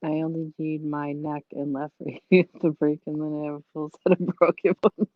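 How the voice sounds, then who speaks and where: A woman's voice: low voice, flat delivery, a little fast, no echo, phone-quality sound. A tired woman chatting casually as a livestream guest, rambling and laughing often, her voice worn from lack of sleep. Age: adult with a child. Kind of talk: casual chat.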